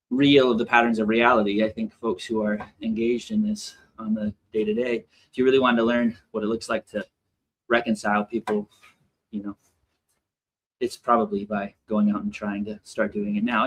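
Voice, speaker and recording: A man's voice: fairly low pitch, creaky, a little hiss or hum, poor audio. A man calling in during a walk on his lunch break, a little out of breath, sharing personal thoughts in a casual way. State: slightly out of breath from walking. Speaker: caller. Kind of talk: casual chat.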